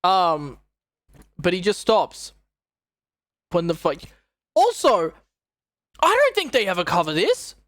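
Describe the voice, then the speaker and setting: A woman's voice: lowish voice, takes it slowly, pauses often, no echo, clean studio sound. A young woman streaming, giving casual, profane and exasperated reaction commentary on a show. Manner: exasperated, profane, animated retelling.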